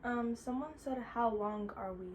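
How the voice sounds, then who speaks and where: A fairly high-pitched young woman chats loosely through viewer questions, dropping "like" into nearly every sentence. A faint hum of room noise sits behind her. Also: normal speed. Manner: chatty, filler-heavy with frequent "like". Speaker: vlogger answering viewer questions. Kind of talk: casual chat.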